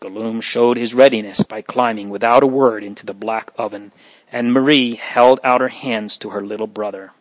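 A man narrating a story in a steady, plain reading style. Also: fairly low pitch, normal speed, no echo, poor audio.

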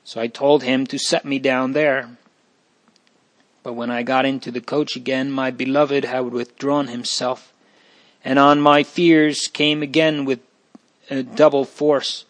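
A man's voice: medium pitch, little pitch movement, measured pace, a bit bright. A man reading aloud an old religious memoir in an earnest, fervent way, rising with emotion at its prayers. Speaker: reader of a memoir.

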